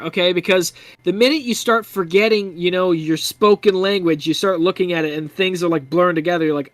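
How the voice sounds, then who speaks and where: A man co-hosting a casual live gaming chat, relaxed, reading viewer comments aloud and joking. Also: sits high, fairly quick, no room sound. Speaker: co-host.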